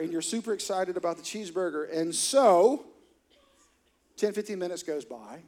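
Animated joking pastor. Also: male voice, high voice, moderate pace. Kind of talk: sermon with storytelling. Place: church auditorium.

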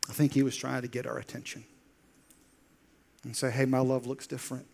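Delivering a sermon at a slightly quick clip, a male pastor with a gravelly mid-range voice brings the story alive with acted-out quotations. At times he sinks into soft, intense lines.

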